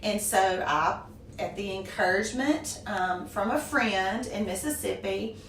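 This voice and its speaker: A woman's voice: mid-range voice, measured pace. Southern woman interviewed in an echoey room. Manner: warm, gracious, laughs often. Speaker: guest, small business owner. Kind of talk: conversational interview. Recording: echoey room from a distance, faint noise.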